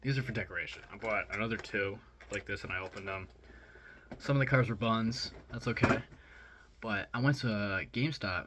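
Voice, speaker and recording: A young man telling a rambling, excited story in a casual vlog, with lots of fillers. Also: low voice. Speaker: vlogger.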